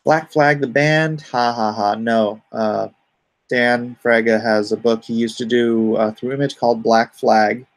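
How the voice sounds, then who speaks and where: Middle-aged male stream host, gravelly voice at a mid pitch, rambling casual chat, reads viewer comments aloud. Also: steady tone, unhurried. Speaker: comic artist hosting a live stream.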